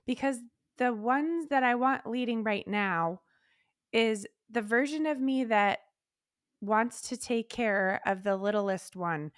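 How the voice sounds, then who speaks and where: A woman co-hosts a candid podcast chat and speaks frankly and with energy, swearing freely. Her voice sits a little high. The recording is close and dry. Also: slow pace, clear, resonant tone, no echo. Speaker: podcast co-host. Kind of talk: candid casual conversation.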